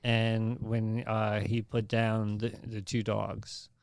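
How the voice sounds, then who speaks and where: Male comic guest, smooth resonant voice, relaxed self-deprecating storyteller, dry sound. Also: on the low side, takes it slowly, no room sound. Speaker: stand-up comedian guest. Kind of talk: casual podcast chat.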